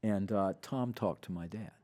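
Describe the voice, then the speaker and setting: A man's voice: lowish voice, normal speed. A middle-aged man from the Southern US, a musician guest telling stories, acting out the quoted lines. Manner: animated, acts out quoted dialogue. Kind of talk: conversational storytelling.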